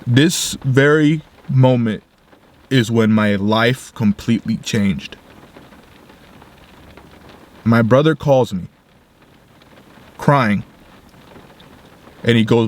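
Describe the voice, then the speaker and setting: A young man quietly retelling a personal story to his viewers, halting and restarting as he goes. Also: medium pitch. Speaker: video creator.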